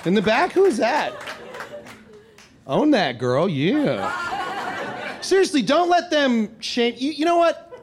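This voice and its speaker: A man's voice: extremely high pitch, big pitch swings, slow, pauses often, crowd noise, background noise. A man doing stand-up comedy who talks directly to the audience. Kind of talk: stand-up comedy with crowd work.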